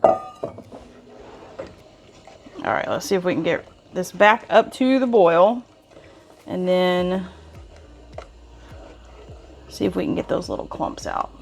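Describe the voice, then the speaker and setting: A woman's voice: lowish voice, expressive, measured pace, creaky, long pauses, a little mellow. A woman chatting folksily to viewers as she cooks in a home kitchen. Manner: chatty, folksy, talks to viewers while stirring. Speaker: home cooking vlogger. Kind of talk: casual cooking demonstration.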